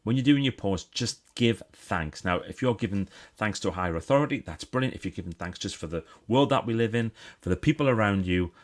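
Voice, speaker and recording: Man, northeast English accent, lowish voice, casual live-stream host, chatty, bursts of excitement. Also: quick pace, few pauses. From northeast England. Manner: chatty, breaks into excited exclamations.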